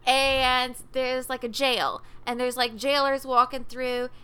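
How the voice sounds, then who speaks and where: Bright high-voiced woman podcast co-host. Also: takes it slowly, clear, resonant tone. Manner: animated, acts out quotes, laughs often. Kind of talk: casual chat.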